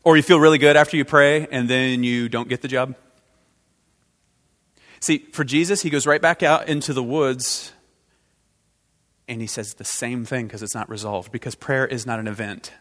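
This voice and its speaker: A male pastor delivering a sermon with dramatic force, dropping to a hushed intensity and then swelling again. His pitch sits in an ordinary middle range. The long reverb of a large hall trails behind every phrase. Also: steady tone, moderate pace, long pauses. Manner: dramatic, swings between loud outbursts and hushed intensity.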